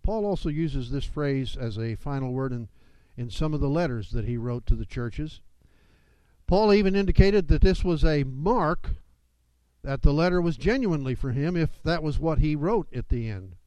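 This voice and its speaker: A man's voice: fairly high pitch, lively intonation, moderate pace, mellow, no echo, poor audio. A man preaching a sermon as pastor, with emphatic delivery that rises and falls.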